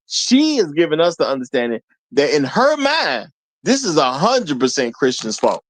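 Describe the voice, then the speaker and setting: A man's voice: fairly high pitch, dry recording. A male show host giving casual commentary, talking straight to his viewers in an emphatic way and laughing between points.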